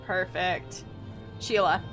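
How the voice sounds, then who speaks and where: A woman running a tabletop game as game master, describing the action vividly between quick rules checks. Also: on the low side, fairly even intonation, fairly bright tone, soft background music.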